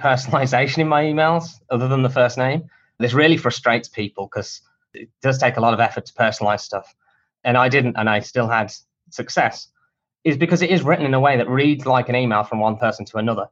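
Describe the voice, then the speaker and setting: A man answers interview questions in a relaxed, chatty way, with cheeky self-deprecating humor. His voice sits at a medium pitch. The recording sounds dull and lo-fi. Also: a little fast. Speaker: guest, cold email marketer. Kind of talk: casual conversational interview answers.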